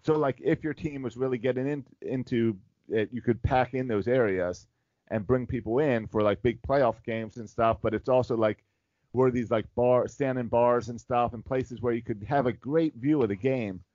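A man's voice: medium pitch, moderate pace, darkish tone, no echo, muffled recording. A man co-hosting a casual podcast chat, telling a long story with frequent laughs and filler words. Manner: rambling storyteller, laughs often. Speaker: podcast co-host.

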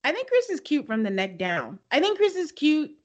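Woman co-host, casual slang, high voice, dramatic retelling. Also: moderate pace, dull audio. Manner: animated, dramatic retelling with acted-out quotes. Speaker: podcast co-host. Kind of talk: casual chat recapping a reality show.

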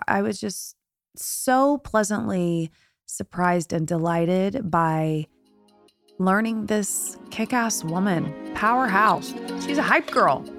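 Low-voiced woman podcast host. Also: no room sound, clean studio sound. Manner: chatty, gushing, lots of fillers. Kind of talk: casual interview chat.

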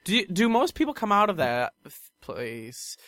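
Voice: mid-range voice, sing-song, moderate pace, fairly bright tone, no room sound. A podcast co-host in casual chat, giggly and rambling as they tell stories to a friend.

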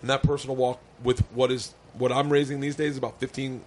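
A man's voice: medium pitch, level tone, fast talker, slight background noise. A middle-aged man hosting a podcast, telling stories in boisterous, casual chat and swearing freely. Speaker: podcast host. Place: home studio.

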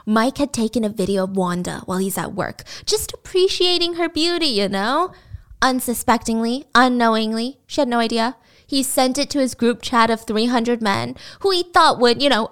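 Chatty woman host, fairly high voice, casual gossipy storytelling.

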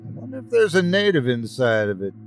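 A man's voice: on the high side, sing-song, fairly quick, soft background music, pitched above the performer's own voice. A man playing a blunt, impatient ship captain who gives orders. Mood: commanding. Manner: commanding and impatient.

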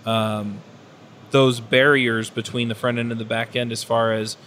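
A man's voice: medium pitch, flat delivery, unhurried, a bit bright, a little hiss or hum. Thoughtful man on a tech podcast. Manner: thoughtful, hesitant with fillers. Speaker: podcast panelist. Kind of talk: casual technical discussion.

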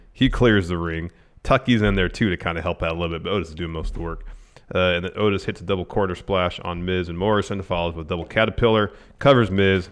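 A man's voice: deep voice, fairly bright tone, clean tone. A man co-hosting a podcast, casually recapping events play by play with frequent uhs. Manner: rambling play-by-play with many uhs. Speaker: podcast co-host.

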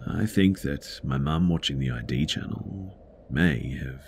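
Deep gravelly male horror narrator. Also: unhurried, noisy background. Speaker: narrator reading submitted stories. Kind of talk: scripted horror story narration.

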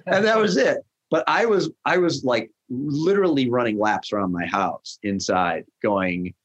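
A middle-aged man in a casual chat, telling a story with lively energy and acting out the lines of the people he quotes. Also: mid-range voice, measured pace. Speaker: guest, restaurant founder.

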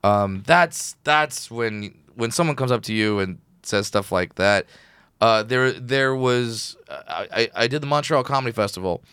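Male comedian guest, smooth voice on the low side, dry close sound, lively anecdotes. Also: dry recording. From Southern California. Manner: animated storyteller, acts out quotes. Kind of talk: casual interview chat.

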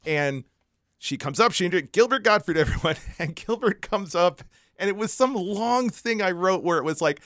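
A man's voice: high-pitched, expressive, normal speed, a bit bright, no room sound, clean studio sound. A man, a comedy writer, telling roast stories as a podcast guest and laughing often as he talks. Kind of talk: anecdotal interview storytelling.

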